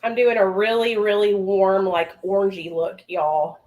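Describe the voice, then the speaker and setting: A woman's voice: medium pitch, fairly even intonation, unhurried, dull audio. A woman chatting casually with her livestream viewers from home while doing her makeup, calling them honey and baby. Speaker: livestream host.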